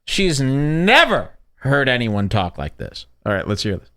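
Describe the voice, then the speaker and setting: This middle-aged podcast host from the Chicago suburbs, USA, speaks at a medium pitch and an unhurried pace. He tells stories in casual chat as an animated storyteller, acting out the quotes.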